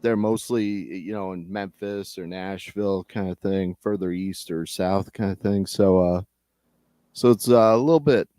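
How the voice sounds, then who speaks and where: A male musician guest speaks in a low, relaxed voice, often pausing on fillers as he chats. The sound is dry and close, coming over a video call. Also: no echo. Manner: relaxed, hesitant, many fillers. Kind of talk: casual interview chat.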